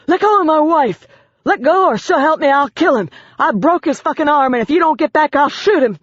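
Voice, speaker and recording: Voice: medium pitch, fairly quick, slightly rough, no echo, voice pushed up, lightly acted. A narrator voicing a desperate armed man who screams and pleads in a frantic manner, on a dry, dull recording. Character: desperate armed man, shouting hostage-taker.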